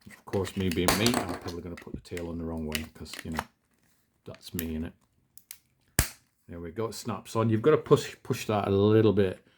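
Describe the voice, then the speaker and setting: Chatty man with a low voice. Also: darkish tone, slight background noise. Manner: chatty, self-deprecating, talks while working with his hands. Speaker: toy unboxing host. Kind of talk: casual unboxing chat. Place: small home office.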